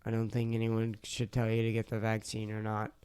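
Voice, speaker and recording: A young man talks alone into a close, dry podcast mic, his voice smooth and clear. He rambles and swears, exasperated and a little tipsy, and his throat sounds sore from talking so long. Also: lowish voice, monotone, fairly quick, a little mellow, no room sound. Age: young adult. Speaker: podcast host. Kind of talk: casual solo podcast rant.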